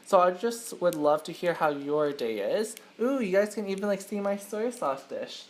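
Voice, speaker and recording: A man's voice: high voice, animated, normal speed, slight background noise. Chatty young man hosting a mukbang. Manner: chatty, filler-heavy, rambling with lots of "like" and "um"; self-conscious, admits to nervousness. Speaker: mukbang host. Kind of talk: casual eating-show chat to camera.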